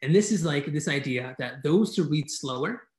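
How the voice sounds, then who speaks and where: A fairly high-voiced man leads an online conference session with enthusiastic, fast-moving delivery. He checks in with his listeners again and again. The audio carries a roomy echo, typical of a video call. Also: expressive, a little mellow. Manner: enthusiastic, fast-talking, keeps asking "right?". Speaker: conference speaker teaching speed reading. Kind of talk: energetic online presentation.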